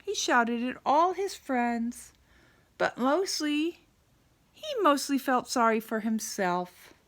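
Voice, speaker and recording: Lively high-voiced lady reading a kids' picture book, slow and expressive. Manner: animated, asks young listeners questions. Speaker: teacher reading aloud to children. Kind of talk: children's picture book read-aloud.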